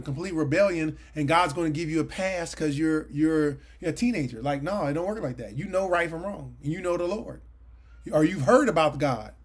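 A man in his late forties teaches a sermon-style Bible study over a livestream mic, speaking earnestly and conversationally with sudden emphatic bursts. His voice is fairly high with a breathy edge.

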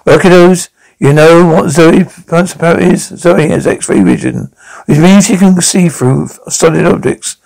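Gravelly man reading a cartoon aloud. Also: fairly high pitch, expressive, measured pace, a little mellow, rough recording. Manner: reads sound cues and all parts himself. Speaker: reader of a cartoon episode. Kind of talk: reading a cartoon script aloud with sound cues.

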